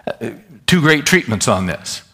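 A man preaching a sermon in a folksy, animated way, talking straight to his congregation. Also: medium pitch, a little slow, breathy edge. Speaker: pastor.

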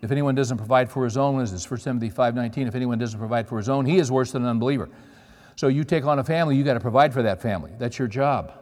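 A man's voice: medium pitch, racing, a little mellow. Man preaching in an echoing hall. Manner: storytelling, conversational with audience check-ins. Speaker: pastor. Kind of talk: sermon. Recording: long reverb of a large hall.

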